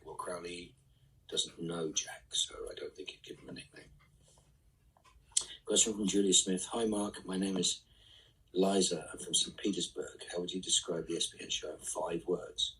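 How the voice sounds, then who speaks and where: A man reading fan questions aloud and answering them casually in a live online Q&A, often trailing off into soft asides. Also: low-pitched, fairly even intonation, normal speed, husky, distant mic, rough recording.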